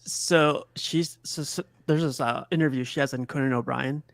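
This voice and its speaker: A man's voice: mid-range voice, fairly even intonation, moderate pace, vocal fry, no room sound. Giggly man chatting about films. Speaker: co-host of a movie watch-along. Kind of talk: casual chat.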